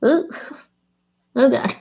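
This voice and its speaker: A woman's voice: extremely slow, a little mellow. A young woman chatting casually while getting ready, rambling with lots of fillers. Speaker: beauty vlogger. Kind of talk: casual get-ready-with-me chat.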